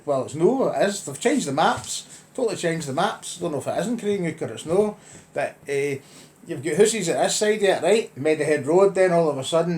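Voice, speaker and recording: A man's voice: fairly high pitch, a little mellow. Wry middle-aged Lanarkshire Scottish man. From Scotland. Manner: chatty, wry, grumbling. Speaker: vlogger. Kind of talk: casual ranting monologue.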